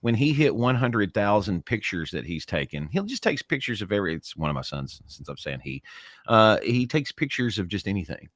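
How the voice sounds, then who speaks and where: A middle-aged man co-hosting a casual chat show, telling stories in an animated way and mimicking other people's voices. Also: on the low side, brisk, no room sound. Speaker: podcast co-host.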